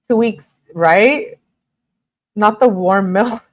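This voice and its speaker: A woman's voice: on the low side, unhurried, no echo. A woman reads a couple's text messages aloud and breaks in with sarcastic, exasperated remarks. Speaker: true crime commentator. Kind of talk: reading texts aloud with commentary.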